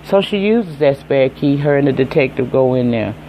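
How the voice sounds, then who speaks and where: A man's voice: medium pitch, animated, normal speed, mellow, slight background noise. A man with a Southern accent casually recapping a TV episode, chatty and profane, talking straight to his viewers. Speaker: TV episode reviewer.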